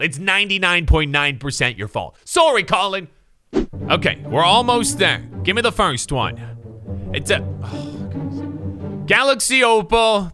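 A young man commentating on a video game, loud, animated and sarcastic, swinging between shouts and mutters. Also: high voice. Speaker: gaming YouTuber.

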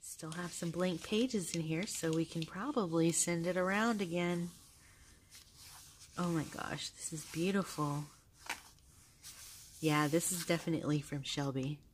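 A woman vlogger chatting casually as she shows a journal, gushing and soft-spoken, with fillers and small laughs. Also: fairly low pitch, a little slow, pauses often, a little hiss or hum. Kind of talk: casual chat. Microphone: handheld camera held close.

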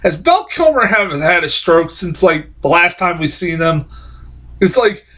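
A man's voice: high-pitched, expressive, measured pace, fairly bright tone. A man giving a casual, profane, rambling film review, exasperated and full of fillers.

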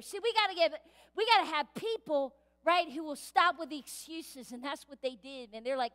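A woman pastor preaching a sermon in a church, lively and playful, acting out voices as she goes. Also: sits high, normal speed. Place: church sanctuary. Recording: reverberant church hall.

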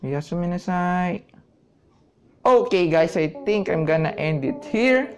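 Goofy let's-play commentator, drawn-out delivery, sudden shrieks, faint music underneath. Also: mid-range voice. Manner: excitable, shrieking exclamations and goofy teasing. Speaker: gaming video creator. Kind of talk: playthrough commentary.

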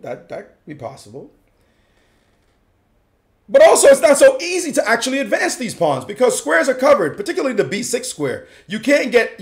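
A man analyzing a chess game in a playful, slangy way, laughing often as he goes. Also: high-pitched. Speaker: chess commentator.

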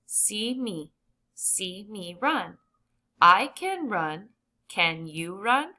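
A woman's voice: fairly high pitch, sing-song, unhurried, sharp tone, voice pushed up, full character voice. A woman voicing a small, stubborn little boy in a storybook, childlike and eager.

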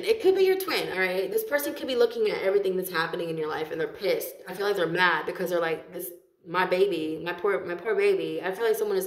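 A woman's voice: mid-range voice, fairly bright tone, echoey room. A woman giving a casual tarot reading, talking in a chatty, loose way, swearing freely and laughing often. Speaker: tarot reader.

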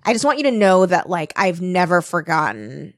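A woman co-hosting a comedy book podcast, rambling through a story and acting out characters in a casual, animated way. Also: on the low side, normal speed, no echo. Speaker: podcast co-host.

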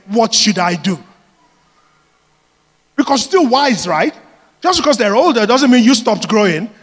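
A man preaching a sermon, telling personal stories in a lively way and laughing often. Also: very high-pitched. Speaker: pastor. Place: large church hall. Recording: long reverb of a church hall.

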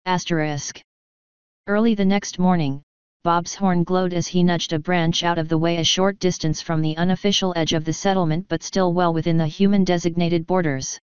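A woman narrating a fan story in a steady, even reading voice. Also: on the low side, smooth, no room sound, highs cut off. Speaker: fanfiction reader. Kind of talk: audiobook-style story narration.

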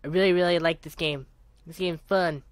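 A man giving casual, excitable commentary while playing a video game, talking to himself and bursting into cheers, his voice cracking now and then. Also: on the high side, brisk, smooth, dry recording. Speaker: gaming video creator. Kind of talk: casual let's-play commentary.

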